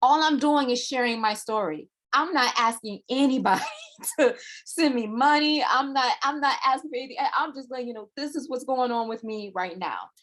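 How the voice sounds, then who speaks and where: A woman hosting a live morning chat show, telling a personal story in a chatty, animated way and acting out what others said. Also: high voice, a little fast. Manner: chatty, animated, acts out quoted voices. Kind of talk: casual live-stream storytelling.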